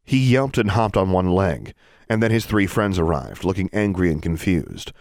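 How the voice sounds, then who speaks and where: A man reading a novel aloud in an expressive storytelling style, as an audiobook narrator. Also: low-pitched, moderate pace, dry recording. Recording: dry close studio sound.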